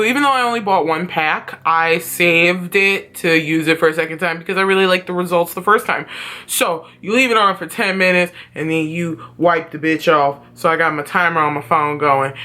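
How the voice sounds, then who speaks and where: A young woman vlogging at home tells stories in a blunt, profane rant. Her voice is lowish with a fairly bright tone.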